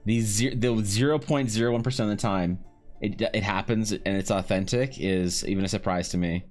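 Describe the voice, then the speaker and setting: A man's voice: fairly low pitch, normal speed, faint music behind. A man, chatting on a livestream in a joking, slangy way, swearing and laughing. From Canada. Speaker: art streamer. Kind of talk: casual livestream chat.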